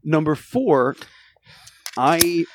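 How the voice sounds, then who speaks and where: A man's voice: on the high side, very animated, drawn-out words. A man hosting a casual gaming podcast, making emphatic points and swearing freely. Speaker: podcast host.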